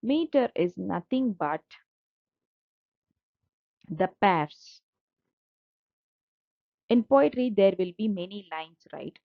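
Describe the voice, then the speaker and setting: A woman's voice: medium pitch, expressive, takes it slowly, gravelly, long pauses, dry recording. A woman teacher, explaining slides patiently and repeating points, with fillers. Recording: dull lo-fi dry audio.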